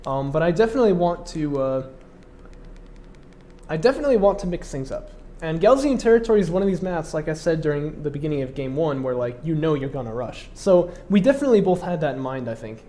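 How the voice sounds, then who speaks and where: A man's voice: fairly high pitch, sing-song, fast talker, mellow. A congested man casually commentating his own strategy game match, explaining his moves with plenty of fillers.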